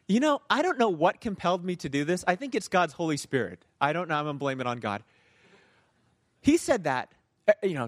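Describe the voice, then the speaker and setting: A man preaching as a pastor, telling a personal story in a lively sermon and asking his listeners "right?". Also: high-pitched, normal speed, pauses often, dry recording. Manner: storytelling, animated, asks the audience "right?".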